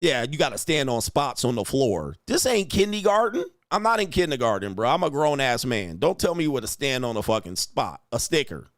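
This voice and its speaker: A middle-aged man hosting a livestream, ranting in a profane, animated way with slang and frequent laughs. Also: medium pitch, fairly quick, few pauses, dry recording, studio quality. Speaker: livestream host answering superchats. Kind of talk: casual livestream rant.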